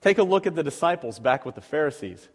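Higher-voiced pastor preaching in a hall. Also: male voice, sing-song, fast talker, slightly rough. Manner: conversational, asks the audience rhetorical questions; acts out quoted voices animatedly. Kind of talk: sermon. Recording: long reverb of a large hall.

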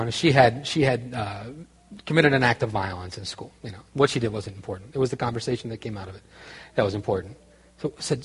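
A man preaching a conversational sermon, telling a story with restarts and growing quiet and earnest. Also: medium pitch, fairly quick, breathy edge, big-room sound. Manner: conversational, self-interrupting, grows quiet and earnest. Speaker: pastor.

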